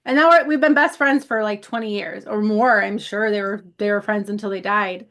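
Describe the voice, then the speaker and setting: Ny woman on a podcast, rambly storyteller, cusses easy, mid pitch. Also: moderate pace, a bit bright. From South Buffalo, New York. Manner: rambling storyteller, swears casually, laughs often. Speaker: podcast co-host. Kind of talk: casual chat.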